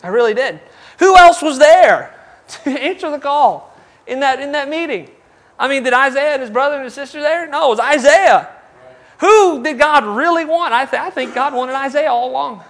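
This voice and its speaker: Man giving a folksy sermon, high-pitched voice, chatty preaching. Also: lively intonation, moderate pace, fairly bright tone. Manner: folksy, conversational preaching with rhetorical questions.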